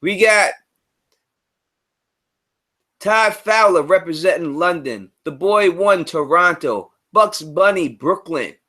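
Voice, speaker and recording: A man hosting a casual live stream, talking loosely in slang and repeating himself, his voice swinging between loud and quiet. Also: high voice, animated, slow, pauses often. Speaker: livestream host.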